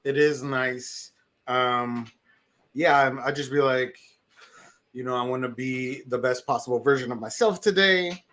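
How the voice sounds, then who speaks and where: A man's voice: medium pitch, measured pace, fairly bright tone. A man co-hosting a podcast, chatting casually and cracking dry jokes. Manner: laid-back, joking, reads a closing quote. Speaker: podcast co-host. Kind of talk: casual chat.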